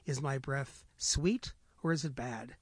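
Imperious storybook lion king played by a man, commanding and loud, dry close sound. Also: slow, husky, no room sound. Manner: booming, commanding.

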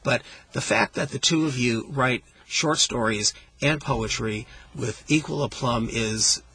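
A man hosting a radio show from a studio, interviewing students in an expressive, emphatic and playfully teacherly way. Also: mid-range voice, measured pace, breathy edge, poor audio.

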